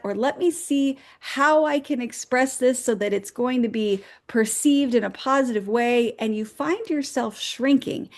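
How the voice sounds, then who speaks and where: A woman co-hosting a motivational show, giving upbeat, encouraging advice as numbered points. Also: sits high. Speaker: co-host. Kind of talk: motivational talk.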